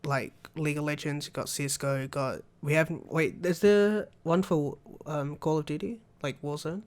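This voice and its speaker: A man's voice: fairly high pitch, moderate pace, smooth. A young man co-hosting a podcast, chatting casually and rambling about video games, laughing often. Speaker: podcast co-host. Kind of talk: casual gaming chat.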